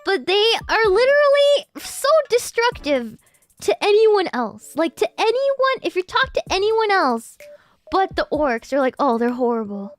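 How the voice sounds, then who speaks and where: A woman streamer rambling playfully in casual chat, giggly and animated. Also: very high-pitched, unhurried, no room sound, faint music behind. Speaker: VTuber streamer.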